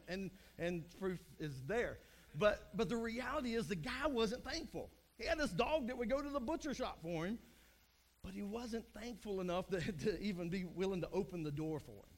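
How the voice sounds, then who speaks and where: A man's voice: high voice, expressive, normal speed. A middle-aged man preaching a sermon to a congregation in a chatty, self-deprecating way, with small restarts. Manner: chatty, self-deprecating, acts out joke voices. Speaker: pastor.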